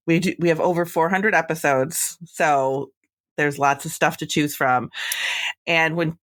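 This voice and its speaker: A woman lactation consultant co-hosting a podcast, chatting casually and in a friendly way. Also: lowish voice. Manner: friendly, reads listener reviews aloud. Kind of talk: casual chat.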